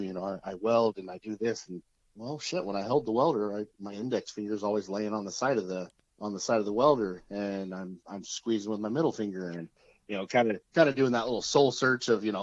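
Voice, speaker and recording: A man from Oregon, a podcast guest, telling a story in a casual, easygoing way and laughing through the rough parts. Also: lowish voice, brisk, no echo. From Oregon, USA. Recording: dull lo-fi sound.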